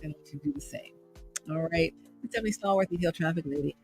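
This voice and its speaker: A woman's voice: on the low side, expressive, fast talker, over music. A woman hosting a motivational livestream from her home, speaking in an upbeat, repetitive, preachy way. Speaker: host and radio traffic reporter. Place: home room in the evening.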